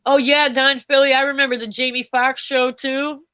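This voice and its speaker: A panelist chatting casually, expressive and often incredulous. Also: high voice, moderate pace, clear, resonant tone, dry recording, lo-fi sound.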